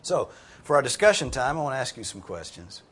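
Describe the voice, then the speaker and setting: A man's voice: very animated, brisk, fairly bright tone, slightly rough. A man preaching and teaching a Bible class, earnest and emphatic, who breaks into casual asides and raises his voice to drive a point home. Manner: earnest, emphatic, rises in pitch and volume for emphasis. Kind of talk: sermon with group discussion.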